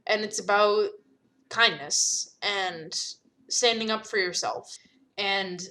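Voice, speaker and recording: Brief: young woman developer, candid, halting casual commentary, mid-pitched. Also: pushed and bright. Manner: candid, halting, with fillers and pauses. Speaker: game developer.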